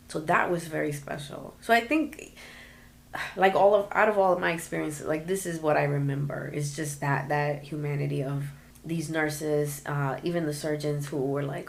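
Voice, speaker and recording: A woman's voice: low voice, fairly even intonation, moderate pace, gravelly. A woman, a podcast guest, telling her story in casual interview chat and acting out what the nurses said to her. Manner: emotional storytelling, acts out quotes of nurses.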